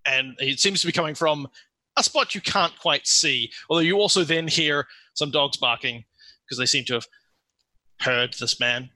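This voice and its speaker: A man's voice: on the high side, moderate pace, pushed and bright, no echo, poor audio. A man narrating a tabletop game as game master, rambling a little and restarting his sentences. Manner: rambling, many restarts and fillers.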